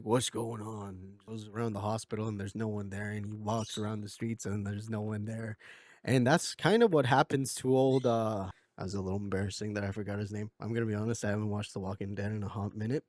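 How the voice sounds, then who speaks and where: A man's voice: lowish voice, steady tone, brisk, a little mellow, no room sound. Rambling young man, dry close sound. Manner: rambling, full of "like" fillers and self-corrections; jokey, swears. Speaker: video essay host. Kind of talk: casual commentary.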